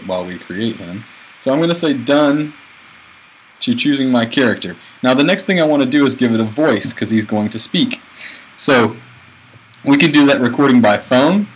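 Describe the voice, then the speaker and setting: A male teacher talking through a software tutorial as he clicks, plain and a bit halting. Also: on the low side, a little hiss or hum, low-quality recording. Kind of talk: screencast tutorial.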